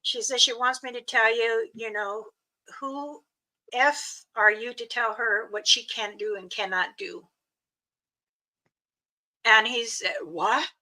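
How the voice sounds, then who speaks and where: A woman's voice: fairly high pitch, steady tone, slow, long pauses, pushed and bright, rough recording. An older woman from Montana telling family stories on her channel in a rambling way, with chuckles. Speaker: storyteller, channel host. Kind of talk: casual storytelling.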